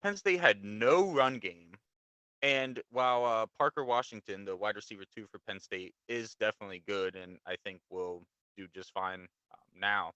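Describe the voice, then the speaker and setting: A man's voice: on the low side, fairly even intonation, moderate pace, few pauses, pushed and bright, smooth, dry recording, poor audio. A man co-hosting a sports podcast, explaining at length in a laid-back way with fillers. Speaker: podcast co-host. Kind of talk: casual sports chat.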